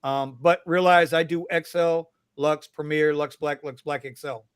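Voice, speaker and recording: A man hosting a casual live stream chat, reading out viewer shout-outs and questions in a laid-back way. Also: fairly high pitch, fairly even intonation, a little slow, clear, resonant tone, no echo. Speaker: live show host.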